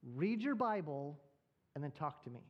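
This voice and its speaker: A stern, devout mother, put on by a male preacher, speaking in a low, quieter, firm voice. The words come slow and measured. The sound is dull and lo-fi. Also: big pitch swings. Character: stern, devout mother of a struggling young man.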